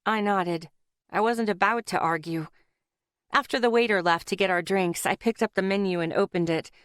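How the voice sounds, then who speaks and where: A woman narrating a first-person fantasy audiobook in a steady, even way. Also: medium pitch, normal speed, clear, resonant tone, no echo, clean studio sound.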